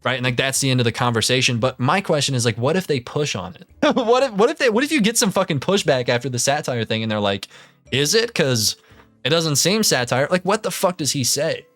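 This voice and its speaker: A man's voice: mid-range voice, animated, quick pace, fairly bright tone, dry recording, soft background music. A young man in his twenties doing casual reaction commentary, ranting in an exasperated way with plenty of swearing, stammered restarts and laughter. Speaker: commentary YouTuber.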